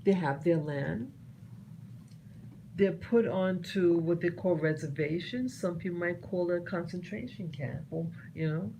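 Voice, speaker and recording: A woman speaks slowly and earnestly, her voice mellow and relaxed, pausing to restart her thoughts. A faint hum of ambience sits behind her. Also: lowish voice, creaky, low-quality recording. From United States. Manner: earnest, halting, with many restarts. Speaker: vlogger sharing opinions. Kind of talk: personal commentary monologue.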